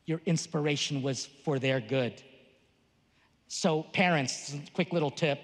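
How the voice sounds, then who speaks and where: A man, a Catholic priest, giving a lively conference talk with jokes and a teaching tone. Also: a little high, measured pace. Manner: animated, joking, teaching tone. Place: large conference hall. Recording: long reverb of a large hall.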